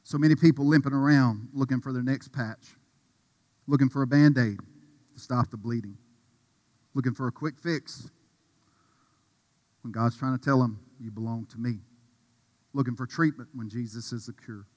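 A man preaching a sermon with passion, dropping to a hush and rising to a shout. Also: mid-range voice, normal speed, pauses often, long reverb tail. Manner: impassioned, swings from hushed to shouting. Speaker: pastor.

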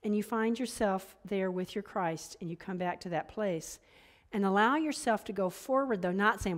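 A woman's voice: mid-range voice, moderate pace. A woman minister preaching a conversational sermon, full of playful asides and laughing at her own jokes.

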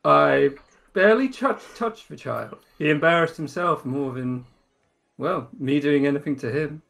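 A man's voice: a little high, a little slow, creaky, a bit bright. A man voicing a cocky male adventurer in a tabletop game, with a taunting, smug manner.

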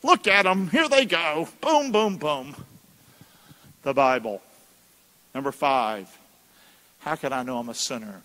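Speaking as pastor in a church sanctuary, this man has a slightly high, bright, forceful voice that is animated yet unhurried, with long pauses. His sermon is folksy and emphatic, peppered with colloquial asides, and he calls on the congregation to respond. The recording has a church hall's long reverb.

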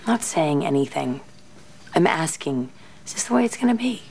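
A woman's voice: low voice, normal speed, vocal fry, slight background noise, heavily acted, low-quality recording. An actress playing an exasperated, sarcastic young woman arguing with her boyfriend in a TV drama. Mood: earnest. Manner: sarcastic, lively. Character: exasperated young woman, sharp-tongued girlfriend. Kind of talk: TV drama dialogue.

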